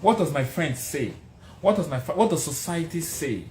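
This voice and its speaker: A man's voice: on the high side, animated, moderate pace, darkish tone. A middle-aged man giving a passionate motivational speech, hammering points home by repeating them. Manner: passionate, emphatic, repeats phrases for effect. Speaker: motivational speaker. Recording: roomy echo, faint background noise.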